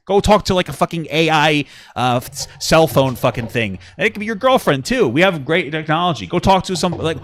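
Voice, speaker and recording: A man co-hosting a podcast, ranting with a lot of swearing and swinging between low mutters and yelling. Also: lively intonation, fairly quick, hardly any pauses. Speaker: podcast co-host. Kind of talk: casual podcast chat.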